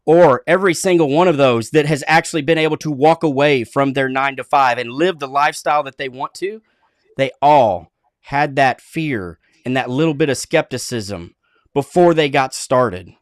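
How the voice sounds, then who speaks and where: A man co-hosting a live online business show, giving an earnest, repetitive motivational pitch to viewers. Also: moderate pace, dry recording, studio quality. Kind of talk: motivational livestream talk.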